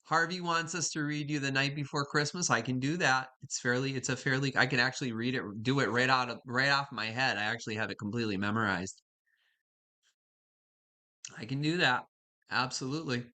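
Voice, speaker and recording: A woman's voice: rumbling low, brisk, bright, forceful tone. A woman hosting a live stream from home, chatting casually with viewers and greeting them by name. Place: home kitchen.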